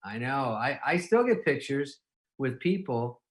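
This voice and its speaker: A male interviewer in a loose, joking conversation, laughing easily and slipping into little acted-out quotes. His pitch sits in the middle of the male range but swings widely, up and down, as he talks. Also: sing-song, a little slow. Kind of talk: casual comedic chat.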